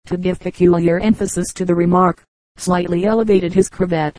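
A woman narrating a classic novel as an audiobook reader, in a measured, even reading. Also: fairly low pitch, no room sound, poor audio.

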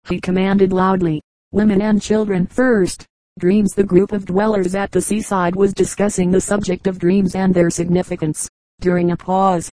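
A woman reading a collection of short humorous anecdotes aloud as scripted narration, with a steady, even delivery. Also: lowish voice, no room sound, low-quality recording. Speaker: audiobook reader.

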